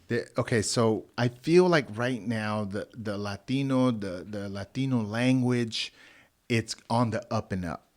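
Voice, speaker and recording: A man in a casual podcast chat, asking questions in a halting way with many restarts. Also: fairly low pitch.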